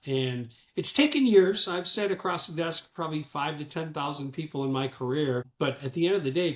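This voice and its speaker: A middle-aged man, a sales professional, telling stories from his career in an animated way and acting out the people he quotes. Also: fairly high pitch. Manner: animated, acts out quotes from calls. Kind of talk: conversational storytelling. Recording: echoey room.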